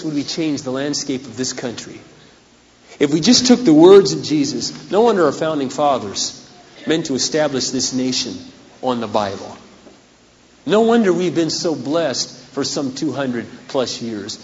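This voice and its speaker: Hoarse, dramatic pastor, slightly high voice, long reverb, muffled lo-fi sound. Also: male voice, expressive, normal speed, a little hiss or hum. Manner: dramatic and humorous, acts out scenes. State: voice going hoarse. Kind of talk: sermon. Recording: echoey hall on dull lo-fi recording.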